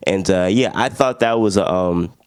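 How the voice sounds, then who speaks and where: A man's voice: low voice, normal speed, clean tone. A young man giving a casual, slangy film review. He is sleepy and a little sick, and he acts out the characters he quotes.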